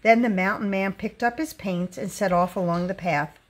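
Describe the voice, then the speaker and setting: A woman reading a children's picture book aloud, with expressive storytelling delivery. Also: mid-range voice, normal speed.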